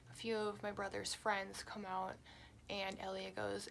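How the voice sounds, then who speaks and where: A young woman vlogger telling a story in a lively, blunt way and swearing often. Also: medium pitch, moderate pace, vocal fry, a little hiss or hum. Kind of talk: storytime vlog.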